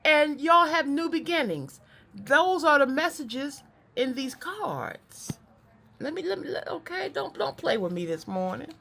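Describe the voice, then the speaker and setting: A woman doing a psychic card reading to camera. She talks in a chatty, animated way, often repeats words, and drifts into preaching. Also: high-pitched, a little slow, creaky, slight background noise.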